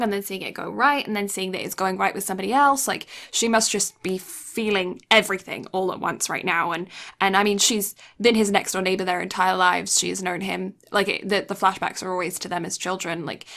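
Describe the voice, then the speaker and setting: A woman's voice: steady tone, brisk, sharp tone. A woman co-hosting a podcast, earnestly talking through an anime's characters with fillers, raising her voice for quoted lines. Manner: earnest, uses fillers like "like" and "um", acts out quotes higher. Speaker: podcast co-host. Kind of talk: casual chat discussing an anime.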